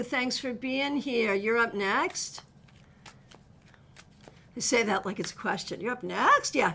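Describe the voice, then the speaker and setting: Bright, high-voiced woman reading tarot. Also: gravelly. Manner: chatty, direct, greets viewers by name. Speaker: tarot reader. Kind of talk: live-stream card readings.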